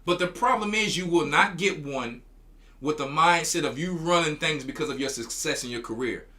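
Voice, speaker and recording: High, bright-voiced scolding preacher man. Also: normal speed. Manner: scolding, repeats words and restarts. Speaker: church elder commenting on clips. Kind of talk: preaching commentary.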